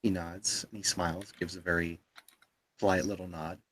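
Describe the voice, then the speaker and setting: A man's voice: deep voice, flat delivery, moderate pace, a bit bright, a little hiss or hum. A man narrating as game master, hesitant with many fillers.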